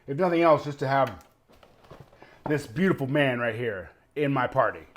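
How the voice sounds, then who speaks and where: A man's voice: mid-range voice, animated, moderate pace. A middle-aged man chatting casually as he tastes and reviews frozen appetizers on camera. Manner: chatty, enthusiastic, tasting on camera. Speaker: food reviewer.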